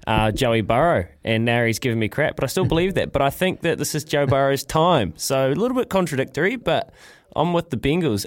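A man's voice: mid-range voice, dry recording. A man co-hosting sports radio, upbeat and enthusiastic. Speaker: radio co-host. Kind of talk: casual radio chat.

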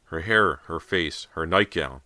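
A man reading a horror audiobook in a measured, suspenseful narration. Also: sits low, pushed and bright, dry recording.

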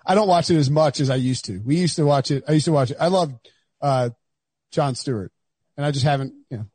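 Husky high-voiced man joking around. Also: brisk, no room sound. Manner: rambling, joking, excitable. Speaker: podcast host. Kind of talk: casual chat.

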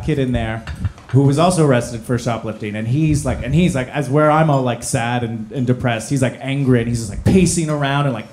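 A man from New Jersey telling a personal story live, self-deprecating and halting with many fillers. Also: medium pitch, a little mellow, slight background noise.

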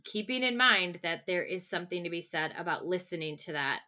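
A woman co-hosts a podcast in an earnest, gentle way, pausing and restarting her sentences as she goes. Her voice sits a little low, with a bright, forward tone. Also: lively intonation. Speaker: podcast co-host. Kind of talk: casual podcast talk.

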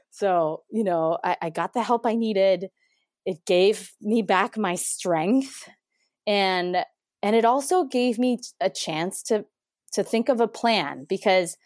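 A woman's voice: lowish voice, a little mellow, no echo, clean studio sound. A woman in her thirties from Mexico, earnestly telling a personal story as a podcast guest, with many restarts.

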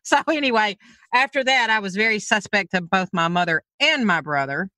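A woman hosting an interview show, chatty and quick to laugh, telling her own stories. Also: medium pitch, lively intonation, pushed and bright. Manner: laughs easily, chatty storyteller. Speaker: host. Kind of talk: casual interview chat.

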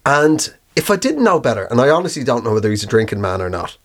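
A man's voice: medium pitch, very animated, quick pace. A man co-hosting a comedy podcast, rambling through a joking story. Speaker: podcast co-host. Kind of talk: casual comedy chat.

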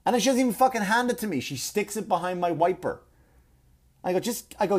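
A man delivering a profane comedic rant, animated and repetitive, often stumbling over his words. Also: fairly high pitch, fast. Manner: animated, profane, repeats himself. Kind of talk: ranting comedic monologue.

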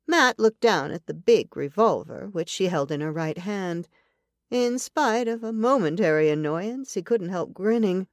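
A woman narrating a western novel as an audiobook in an even, deliberate storytelling manner. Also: medium pitch, no echo, clean studio sound.

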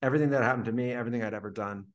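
A man's voice: medium pitch, racing. A man being interviewed as a podcast guest, telling a long personal story casually with lots of "like" fillers. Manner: vivid retelling full of "like" fillers.

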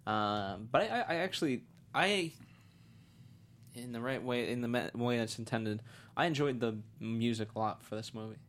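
A man's voice: mid-range voice, animated, normal speed, a bit bright. A man co-hosting a casual movie review chat, talking hesitantly with many fillers. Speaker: podcast co-host.

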